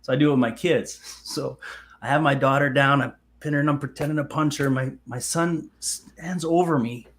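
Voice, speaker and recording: A man's voice: on the high side, fairly even intonation, moderate pace. A man in his thirties hosting a podcast, telling stories in a casual chat, swearing freely and laughing as he goes. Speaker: podcast host.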